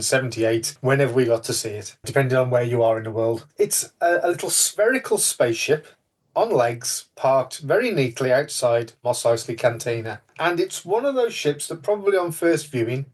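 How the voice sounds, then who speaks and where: A man co-hosting a podcast, talking things through in a friendly, thoughtful way. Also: medium pitch. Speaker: podcast co-host. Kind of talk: casual podcast chat.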